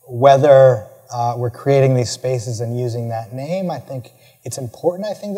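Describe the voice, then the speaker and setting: A man's voice: medium pitch, mellow. A male professor answers audience questions at a lecture. He speaks earnestly, repeating words and adding lots of "right?" tags. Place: large lecture hall. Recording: reverberant lecture hall.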